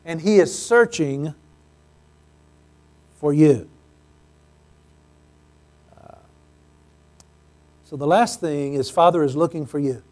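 A man with a fairly high speaking voice delivers a sermon from the pulpit. He keeps it conversational, dropping in light jokes between his points. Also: takes it slowly, pauses often, a little mellow. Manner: conversational, with joking asides. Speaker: pastor.

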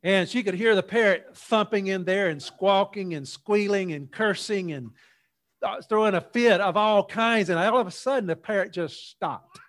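A male pastor preaching a sermon in church, opening with a folksy, unhurried joke story before his teaching. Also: high voice, fairly bright tone.

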